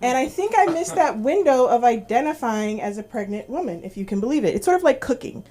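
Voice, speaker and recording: A woman's voice: on the high side, lively intonation, brisk, warm tone. A woman in her forties from New York doing a stand-up set with dry musings on a small club stage. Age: 40s. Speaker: stand-up comedian. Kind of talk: stand-up set at an open mic.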